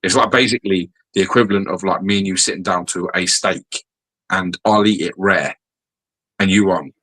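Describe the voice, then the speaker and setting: A man's voice: sits low, steady tone, normal speed, a bit bright, low-quality recording. A man co-hosting a casual podcast, swearing often and explaining things through everyday comparisons. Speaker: podcast co-host.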